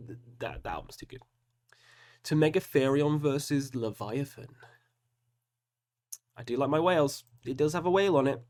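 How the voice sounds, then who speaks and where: Man, casual commentary, chatty, agonizing over picks, self-mocking. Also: mid-range voice. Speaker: metal reaction host. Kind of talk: casual solo commentary while picking albums.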